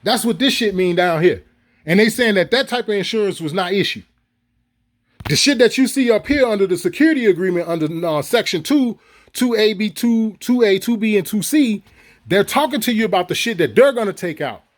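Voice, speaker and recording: High-voiced, profane man ranting. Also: expressive, fairly quick. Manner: profane, heated, repetitive. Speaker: video creator. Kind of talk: ranting monologue to viewers.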